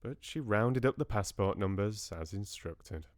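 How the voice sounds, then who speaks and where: A man reading a novel aloud on a livestream in a measured, expressive way. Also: on the low side, no room sound, clean studio sound. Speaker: book club host reading aloud. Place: home livestream.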